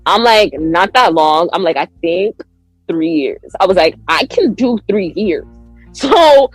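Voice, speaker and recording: A woman guest on a podcast telling a story in an animated way. She acts out her own lines with big jumps in pitch and laughs often. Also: a little slow, breathy edge, no room sound, soft background music, low-quality recording.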